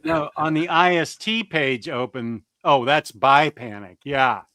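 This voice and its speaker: Slightly higher, wry casual man. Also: a little slow, pushed and bright, no room sound, studio quality. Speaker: comics show host. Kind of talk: casual chat.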